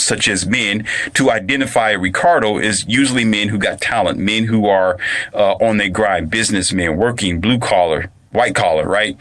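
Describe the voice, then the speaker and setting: A man's voice: fairly low pitch, pushed and bright. A man delivering an emphatic, repetitive ranting monologue as a commentator. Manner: emphatic, repetitive, restarts phrases.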